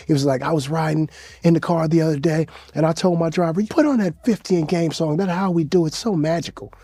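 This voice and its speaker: A man, a rapper being interviewed, telling a story in a laid-back, rambling way with a husky voice. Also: a little high, quick pace, mellow, no room sound.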